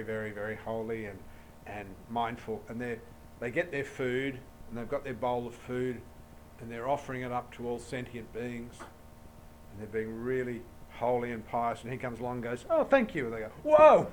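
A man's voice: medium pitch, slight background noise, poor audio. A man giving a Buddhist dharma talk to an audience, telling anecdotes and acting out dialogue in a jokey way. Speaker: Buddhist teacher.

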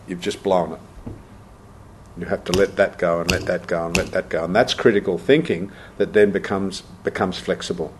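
A man's voice: low voice, fairly quick, breathy edge. A man who teaches meditation, talking reflectively and telling anecdotes, acting out the people he quotes and often repeating words. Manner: storytelling, acts out quoted voices, repeats words.

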